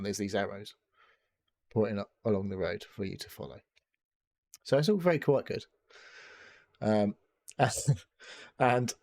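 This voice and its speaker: A man with a slightly low voice hosts a casual podcast chat. He rambles and swears freely, restarting sentences and piling on fillers as he goes. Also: vocal fry, a little mellow. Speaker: podcast host.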